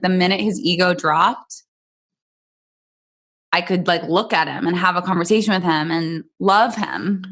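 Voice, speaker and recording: A woman co-hosting a podcast, talking openly and earnestly with listeners, animated when she recounts things. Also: on the low side. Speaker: podcast co-host. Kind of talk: candid conversation with listeners.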